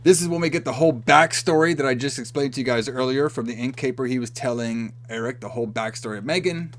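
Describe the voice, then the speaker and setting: A man's voice: medium pitch, quick pace, a bit bright. A man co-hosting a podcast, casually recapping a film and acting out the characters' lines with swearing and laughter. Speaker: podcast co-host. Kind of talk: casual movie recap chat.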